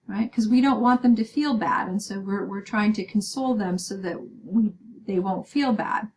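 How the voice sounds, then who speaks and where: A woman's voice: fairly high pitch, moderate pace, darkish tone, slight background noise, rough recording. A woman giving a recorded lecture, explaining step by step with many "um"s and "right?" checks. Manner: explaining with frequent "um" and "right?" tag questions.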